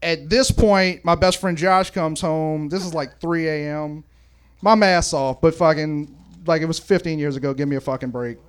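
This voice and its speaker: A middle-aged man with a slightly high, smooth voice tells a rambling, profane story at normal speed on a live podcast in a sports bar, often correcting himself as the audience listens.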